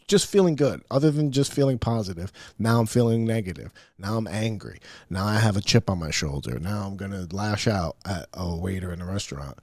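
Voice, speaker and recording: A man's voice: on the low side, no room sound, clean studio sound. A middle-aged man hosting a podcast, rambling through a profane, self-mocking solo rant. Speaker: podcast host. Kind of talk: casual solo podcast monologue.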